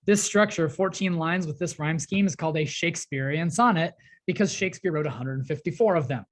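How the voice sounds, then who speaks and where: Teacher talking through a poem for a recorded class, lots of um and right?, mid pitch. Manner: explains step by step, with fillers and checks like "right?". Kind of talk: recorded online class lesson. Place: home or classroom at a desk, working on a tablet.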